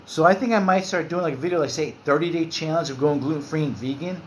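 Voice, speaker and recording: A man's voice: fairly high pitch, fast, slight background noise. A man in his forties hosting a casual livestream, loose and candid, swearing and reading out viewer comments. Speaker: livestream host.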